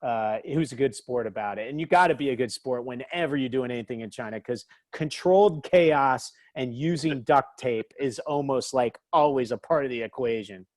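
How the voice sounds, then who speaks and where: A man guest telling lively anecdotes in casual talk, acting out other people in a raised voice. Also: medium pitch, moderate pace, hardly any pauses, dry recording. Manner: animated, acts out quotes in raised voice. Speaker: interview guest, author. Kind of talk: casual storytelling.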